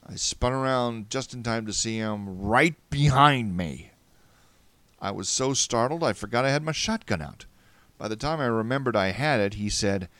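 A man narrating a first-person story in a wry, animated way. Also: lowish voice, normal speed, dry recording.

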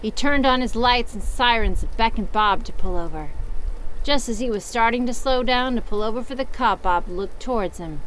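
A woman's voice: fairly high pitch, fairly bright tone, slight background noise. A young woman reading a story aloud and mocking it with sarcastic, swearing asides. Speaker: story reader.

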